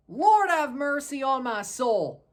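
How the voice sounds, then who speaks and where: A woman hosting a solo soccer match review, ranting in a heated, exasperated way and swearing casually. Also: high-pitched.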